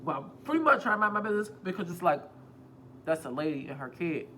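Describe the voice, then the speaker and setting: A man's voice: high-pitched, very animated, fast, sharp tone, a little hiss or hum. A man vlogging a casual storytime on a phone, rambling, repeating himself and swearing freely. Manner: rambling, profane, self-repeating.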